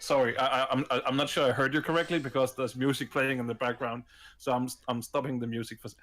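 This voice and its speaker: A man's voice: mid-range voice, steady tone, quick pace, fairly bright tone, soft background music. A man co-hosting a casual gaming podcast, often stumbling and repeating words as he starts a thought. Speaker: podcast co-host.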